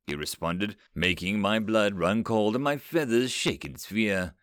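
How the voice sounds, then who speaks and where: A man narrating a science-fiction story in an expressive, dramatic reading style. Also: on the low side, a little slow, hardly any pauses, no room sound, clean studio sound.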